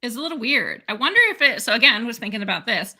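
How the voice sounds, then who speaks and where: A woman's voice: fairly high pitch, expressive, fast, pushed and bright. A woman co-hosting a podcast in casual chat, rambling and hedging as she thinks aloud. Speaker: podcast co-host.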